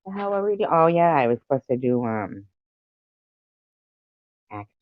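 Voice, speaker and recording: A middle-aged woman hosts a casual livestream, reading chat messages aloud, giggling often, and swearing freely. Her voice is extremely low and very animated at a moderate pace, with no echo, though the home stream audio is dull and lo-fi.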